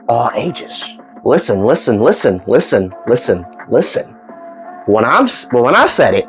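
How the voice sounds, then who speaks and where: Animated rambling man telling stories. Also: fairly high pitch. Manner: rambling, animated, acts out dialogue. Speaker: storytime vlogger. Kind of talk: casual storytelling.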